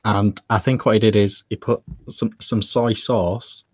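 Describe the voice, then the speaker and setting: A man from the UK with a low voice chats casually and tells jokey little stories, relaxed and full of fillers. His voice sits close and dry on the mic. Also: a little slow, husky, dry recording. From United Kingdom. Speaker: podcast co-host. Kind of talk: casual chat.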